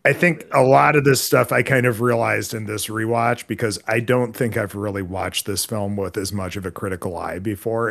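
A man co-hosting a podcast in casual chat, relaxed, with dry trivia asides. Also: on the low side. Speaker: podcast co-host.

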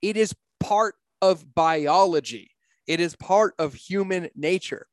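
A man's voice: sits high, slow, no room sound. A middle-aged man talking in a casual podcast conversation, blunt, profane and emphatic, telling stories from his life. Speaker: podcast guest, entrepreneur.

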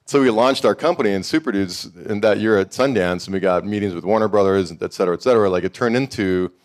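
A middle-aged man from Montana telling a lively story on a panel, acting out the people he quotes. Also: lowish voice, quick pace. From Montana, USA. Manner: animated storyteller, acts out quoted voices. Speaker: founder of a summit and network.

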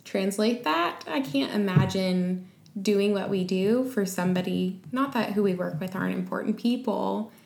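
A woman's voice: medium pitch, moderate pace, vocal fry, a little mellow, roomy sound. A woman co-hosting a casual chat who reacts with enthusiasm and asks eager questions. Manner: enthusiastic, encouraging listener.

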